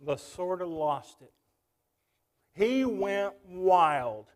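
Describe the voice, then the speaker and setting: A man's voice: fairly high pitch, animated, takes it slowly, pauses often. A male pastor preaching a sermon, telling a story and calling out to the congregation.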